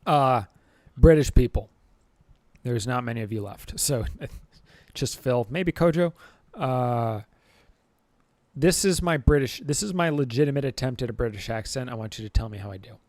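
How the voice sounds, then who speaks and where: Here a man livestreams casually as a channel host, chatting to viewers in a rambling way with many fillers, restarts, and regular chuckles. His medium-pitched voice is a little mellow and moves at normal speed, recorded dry.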